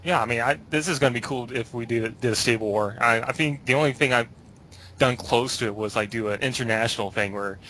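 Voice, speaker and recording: A man chatting as a podcast guest, relaxed and joking, with loose phrasing. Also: medium pitch, brisk, slight background noise, rough recording. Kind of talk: casual chat.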